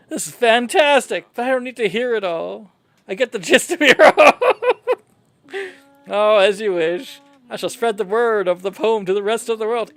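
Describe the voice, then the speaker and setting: A man with a notably high speaking voice plays through a story game. He reads every character's lines aloud in his own playful manner, in a casual, off-the-cuff playthrough style. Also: fairly bright tone. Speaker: gamer reading dialogue aloud.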